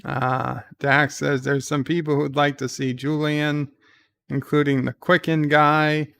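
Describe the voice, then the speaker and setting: A man giving casual live commentary on a TV episode, loosely recapping scenes and reading viewer chat questions aloud, thinking out loud as he answers. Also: on the high side, level tone, measured pace, vocal fry, clean tone. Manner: thinks out loud with fillers and restarts.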